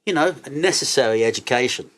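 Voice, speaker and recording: A man, an interview guest telling stories in a loose, sweary, animated way and laughing as he goes. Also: mid-range voice, fast talker. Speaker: interview guest, cannabis entrepreneur. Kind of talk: casual interview storytelling.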